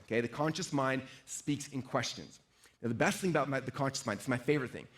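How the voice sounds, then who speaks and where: A middle-aged man giving a lively live sales seminar, quizzing the audience and acting out inner voices. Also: on the high side. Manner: energetic, asks the audience questions, acts out inner voices. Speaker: sales trainer.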